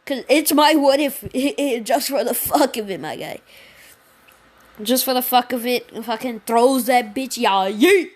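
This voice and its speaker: A woman's voice: high voice, measured pace. A woman casually retelling a fan story, rambling, slangy and profane, with frequent laughs.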